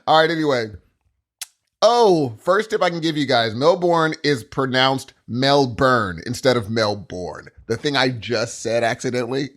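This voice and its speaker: A man's voice: mid-range voice, lively intonation, unhurried, a bit bright. An American man co-hosting a podcast, chatting casually with dry, playful quips and reading listener mail aloud. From United States. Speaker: podcast co-host.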